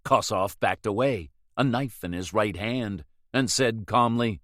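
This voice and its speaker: Reading scripted narration for an audiobook, a male narrator with a fairly low voice keeps a steady, measured pace. The recording is dry and close, with no room sound at all.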